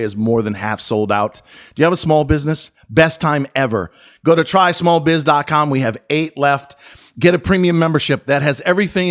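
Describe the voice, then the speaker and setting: An American man hosting a stock trading channel, talking to camera in a brash, boastful, profane and excitable way. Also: on the high side. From United States. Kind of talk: casual market commentary to camera.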